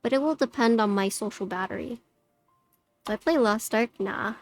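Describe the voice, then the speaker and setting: Soft background music plays as a woman livestreams, her fairly high voice moving at a moderate pace. She chats casually with viewers, peppering her speech with "like," and a noise-suppression filter makes her sound a bit robotic.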